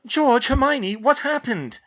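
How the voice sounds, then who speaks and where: A man voicing a frantic, motherly middle-aged witch with a shrill, pleading voice. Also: lively intonation, slow, a bit bright, heavily acted.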